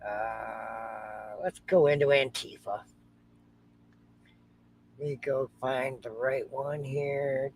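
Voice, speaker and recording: A man's voice: medium pitch, fairly even intonation, slow, creaky, a little hiss or hum. A man co-hosting a reaction show, chatting casually and joking, humming to himself while he searches for clips.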